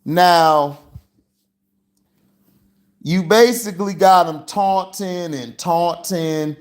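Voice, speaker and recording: Slow, slangy man reviewing a movie. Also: high voice. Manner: rambling and slangy, full of "you know" fillers. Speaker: movie reviewer and channel host. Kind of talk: casual livestream movie review.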